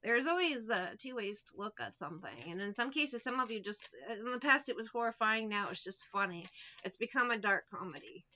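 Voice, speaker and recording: A woman's voice: on the high side, animated, a little fast, sharp tone, dull audio, a little hiss or hum. A woman giving a casual tarot reading, talking bluntly with lots of swearing and mockery. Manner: profane, blunt and mocking. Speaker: tarot reader.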